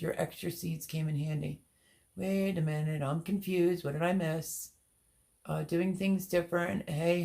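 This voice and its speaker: A woman's voice: lowish voice, creaky. A woman hosting a live stream, chatting casually and reading out viewers' comments while greeting them by name. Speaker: livestream host.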